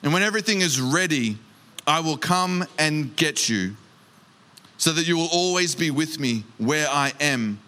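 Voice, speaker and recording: A man preaching a sermon as pastor, reading scripture and acting out the disciples' lines, slowing down to stress key phrases. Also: fairly high pitch, lively intonation, pushed and bright. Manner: reads scripture aloud and acts out the disciples' lines; emphatic, slows down on key phrases.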